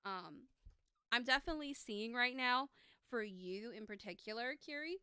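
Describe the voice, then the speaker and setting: A woman's voice: fairly high pitch, animated, moderate pace, bright, forceful tone, smooth, dry recording. A woman giving a live tarot reading, chatty and upbeat, with lots of fillers, speaking close to a streaming mic.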